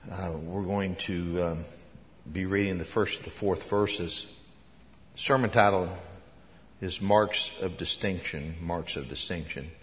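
Male pastor, low voice, unhurried conversational sermon full of ums and restarts, long church reverb. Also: breathy edge. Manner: conversational with many fillers and restarts. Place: church sanctuary.

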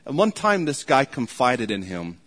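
A man preaching a sermon as pastor, earnest and pleading, slowing down to stress his points. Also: medium pitch, very animated, a bit bright. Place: church sanctuary.

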